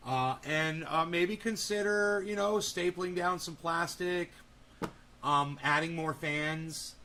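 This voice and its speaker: A rambling, playful man talks casually on a livestream, swearing freely. His voice sits a bit high for a man. Faint noise hums behind him. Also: slow, pushed and bright. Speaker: vlogger.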